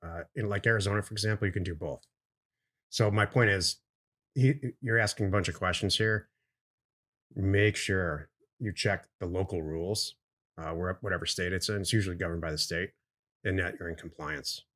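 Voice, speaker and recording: This is a middle-aged man co-hosting a relaxed business podcast. His voice sits low, and he explains things in plain terms. He gives his opinions bluntly and without softening them. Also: normal speed. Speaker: podcast co-host. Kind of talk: casual business podcast chat.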